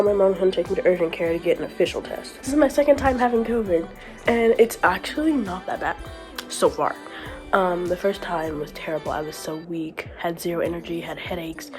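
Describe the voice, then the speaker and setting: Lowish and darkish in tone, this young woman's voice carries a casual storytelling vlog about her week, with faint music behind her. She's chatty and laughs a lot, peppering her talk with "like" despite a scratchy sore throat and a cough.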